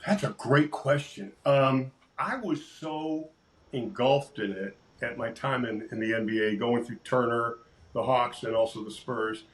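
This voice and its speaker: An older sportscaster telling lively stories in a casual interview, acting out quotes and laughing often. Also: male voice, mid-range voice, low-quality recording. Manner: animated storyteller, acts out quotes, laughs often. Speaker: sportscaster guest.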